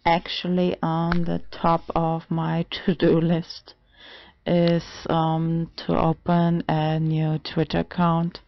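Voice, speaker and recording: A woman talking hesitantly in a casual vlog, pausing often and switching between English and Spanish. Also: sits low, completely flat delivery, creaky. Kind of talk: casual bilingual vlog talk. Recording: dull lo-fi dry sound.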